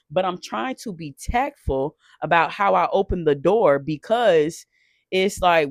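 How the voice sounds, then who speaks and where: Shaken guy telling his story, kinda high voice, stops and restarts a lot, cusses, dry sound. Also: no room sound. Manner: emotional, halting, profane, many restarts. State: shaken while recounting. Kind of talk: unscripted personal storytime.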